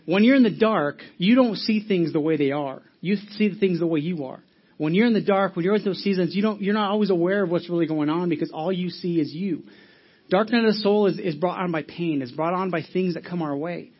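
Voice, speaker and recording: A man's voice: high-pitched, a little fast, husky, lo-fi sound. A male pastor preaching a sermon in a conversational way, telling stories with lots of restarts. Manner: conversational, animated storytelling with frequent restarts.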